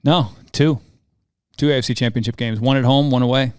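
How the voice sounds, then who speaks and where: A former mascot performer in his forties appears as a podcast guest, telling stories with animated flair and acting out the dialogue he quotes. His medium-pitched voice moves a little fast and sounds smooth, captured in a clean studio recording with no echo.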